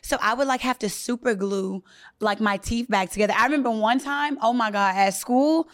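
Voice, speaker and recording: A woman's voice: a little high, normal speed. A young woman co-hosting a podcast, telling candid, slangy stories in casual chat. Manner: animated storyteller, slangy and candid. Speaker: podcast co-host.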